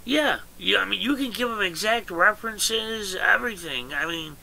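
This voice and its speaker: A man's voice: sits high, lively intonation, normal speed, vocal fry, sharp tone, low-quality recording. A middle-aged man hosting a livestream, talking casually and emphatically. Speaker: livestream host. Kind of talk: casual chat.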